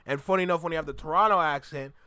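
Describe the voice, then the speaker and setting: Jamaican man, reaction vlog host, animated and chatty, dry close sound. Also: a little high, rapid-fire, clear, resonant tone, dry recording. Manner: animated, repeats himself, talks to viewers directly. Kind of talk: casual reaction commentary.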